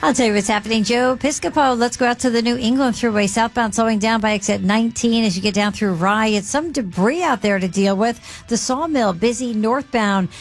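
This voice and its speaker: A woman giving a brisk, matter-of-fact traffic report on a radio show. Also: on the high side, faint music behind. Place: radio studio.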